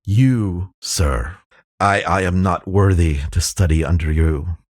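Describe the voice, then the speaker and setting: A man voicing a stout, pompous master chef who speaks in slow, grand proclamations. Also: sits low, a little mellow, no echo, clean studio sound. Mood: awed.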